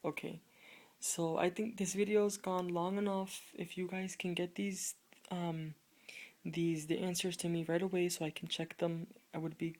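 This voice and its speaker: A woman's voice: fairly low pitch, little pitch movement, moderate pace, a little mellow. A woman teaching in a casual video lesson, repeating each example word several times and quizzing the viewers. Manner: asks the viewers quiz questions. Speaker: Spanish tutor.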